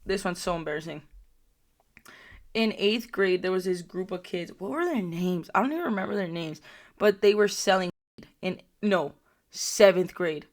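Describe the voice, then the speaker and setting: Young woman vlogging crude stories, brash and swearing a lot, loud outbursts. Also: lowish voice, normal speed. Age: young adult. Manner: brash, profane, loud bursts and put-on mocking quotes. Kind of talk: crude comedic storytelling.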